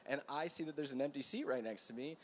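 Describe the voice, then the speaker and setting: A man preaching as a pastor at a church gathering, telling a story in a conversational, animated way with asides to the room. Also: mid-range voice, fast talker. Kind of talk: storytelling sermon.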